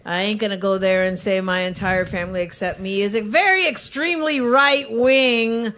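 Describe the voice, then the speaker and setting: A regular at a coffee shop open mic, chatting casually from the stage with quick self-correcting asides. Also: mid-range voice, a bit bright.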